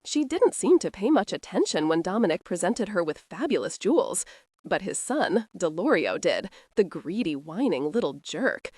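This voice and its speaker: A woman narrating a romantic thriller audiobook with expressive storytelling. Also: lowish voice, normal speed, slightly rough, no echo, clean studio sound.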